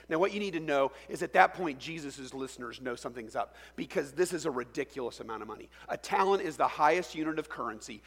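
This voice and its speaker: A man's voice: on the high side, gravelly, fairly bright tone, husky, in a large hall. A man pastor preaching a sermon, telling the story with energy and asking many rhetorical questions.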